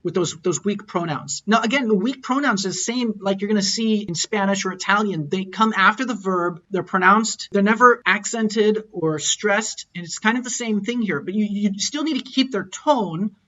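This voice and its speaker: A man teaching an online pronunciation lesson, explaining and then slowly repeating example phrases. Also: high-pitched, pushed and bright, muffled recording. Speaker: language teacher.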